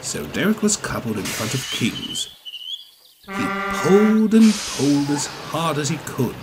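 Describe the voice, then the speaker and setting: Man narrating a storybook over music. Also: measured pace. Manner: steady, lower-pitched telling. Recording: music playing behind.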